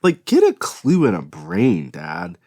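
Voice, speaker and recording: A man's voice: low voice, wildly swooping pitch, slow pace, creaky, mellow, husky, heavily acted. A man reading an audiobook, voicing a defiant young woman who argues with her father in an exasperated, pleading way.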